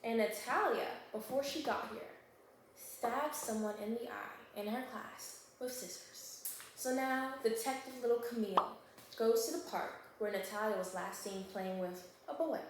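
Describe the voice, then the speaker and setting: A woman recapping a thriller book in a casual vlog, acting out the characters in animated voices and often checking in with the viewer. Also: fairly high pitch, normal speed, a little hiss or hum. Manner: animated storyteller who acts out characters. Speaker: book vlogger. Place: home kitchen while baking. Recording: very echoey room.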